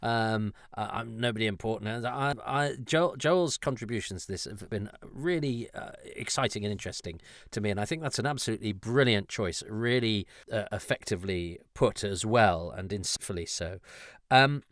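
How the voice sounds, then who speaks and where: A man's voice: lowish voice, lively intonation, normal speed, a bit bright, dry recording, clean studio sound. A middle-aged man hosting a podcast, talking in a thoughtful, digressive way with frequent restarts. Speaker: podcast host. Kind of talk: conversational podcast discussion.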